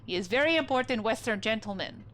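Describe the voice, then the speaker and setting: Woman doing a gruff sailor guard in broken English. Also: medium pitch, moderate pace, background noise, close to an everyday voice. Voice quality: broken English, blunt and hostile.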